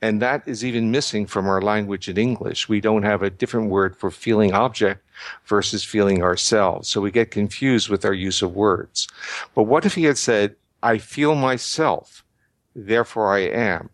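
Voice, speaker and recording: A man's voice: lowish voice, normal speed, no room sound. An older man answering interview questions, explaining ideas at length with frequent restarts and fillers. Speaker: guest researcher.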